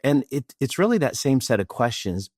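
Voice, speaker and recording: In an interview, a middle-aged man from Austin, Texas, who works as a presentation coach, recounts a story and animatedly acts out pieces of dialogue. He speaks at a moderate pace in a medium pitch, captured in studio quality without echo.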